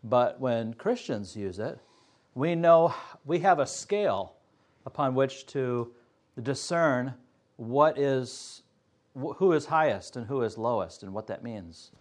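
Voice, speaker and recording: Animated and mid-range in pitch, the Sunday school teacher earnestly explains the Bible lesson one step at a time. He pauses frequently as he goes.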